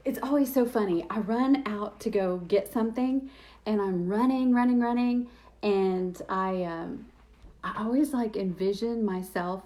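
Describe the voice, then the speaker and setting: A woman's voice: mid-range voice, a little slow, a little mellow. Chatty woman hosting a craft stream. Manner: chatty, self-deprecating, thinking aloud while working. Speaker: DIY crafts host. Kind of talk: live-streamed craft demo, chatting with viewers.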